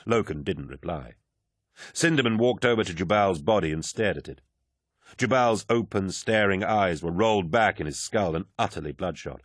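A man narrating an audiobook in a measured, unhurried reading. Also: low voice, expressive, no room sound, studio quality.

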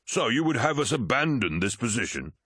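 A man voicing a fierce, brutal male warrior captain who barks his words loudly and scornfully. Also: medium pitch, sing-song, brisk, breathy edge, dry recording, clean studio sound, pitched above the performer's own voice. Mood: threatening. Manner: loud, barking, scornful.

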